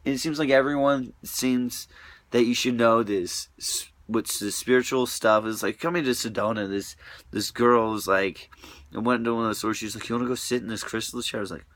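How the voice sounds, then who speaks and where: Rambling, profane man with a bright voice. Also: mid-range voice, fairly even intonation, normal speed, no room sound. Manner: rambling, profane, restless, trailing off softly. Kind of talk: rambling confessional monologue.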